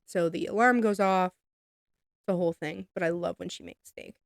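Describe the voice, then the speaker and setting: Female podcast co-host, lower voice, soft and agreeable, dry studio sound. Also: normal speed, creaky, no room sound. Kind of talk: casual chat.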